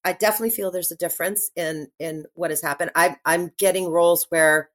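A middle-aged woman chats as a guest on an interview show, her voice sitting a little low. She talks in animated, rambling bursts, restarting sentences and filling pauses with "you know" and "like". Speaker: actress and podcast guest. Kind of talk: casual interview chat.

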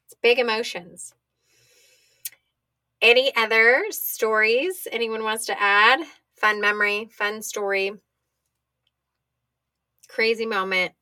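A woman's voice: on the high side, flat delivery, takes it slowly, long pauses, bright, forceful tone, no room sound. A woman hosting a casual chat, asking guests for fun stories. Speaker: host.

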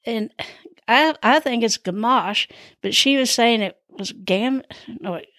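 A woman's voice: on the high side, measured pace, a bit bright, dry recording, clean studio sound. A woman hosting her own show, telling rambling personal stories in a chatty, meandering, self-deprecating way. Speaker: podcast host.

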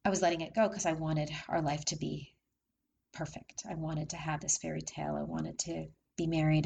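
A woman's voice: deep voice, creaky, a little mellow, slight background noise, poor audio. A woman telling her own life story as a candid monologue, repeating phrases and asking the listener rhetorical questions. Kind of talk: personal testimony monologue.

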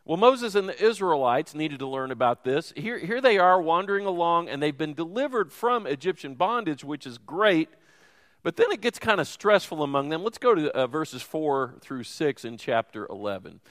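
A man's voice: on the high side, animated, normal speed, a bit bright, in a large hall. A man preaching a sermon as teaching pastor, in a conversational, folksy way. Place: church sanctuary.

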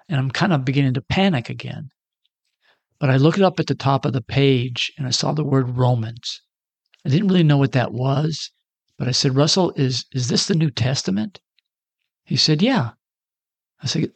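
A man's voice: mid-range voice, vocal fry, no room sound. A man in his sixties telling a personal story in a casual, self-deprecating way and acting out the dialogue. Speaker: storyteller giving a personal testimony.

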